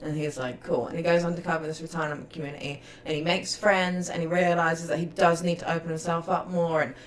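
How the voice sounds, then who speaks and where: Woman in her thirties, lowish voice, chatty storyteller, faint background noise. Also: fast. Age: 30s. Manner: chatty, animated storytelling with laughter. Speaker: podcast co-host. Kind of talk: casual chat.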